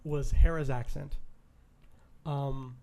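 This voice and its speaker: A man's voice: medium pitch, steady tone, slow, gravelly, dark tone. A Canadian man co-hosting a podcast, chatting casually and enthusiastically, often stumbling and restarting his sentences. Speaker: podcast co-host.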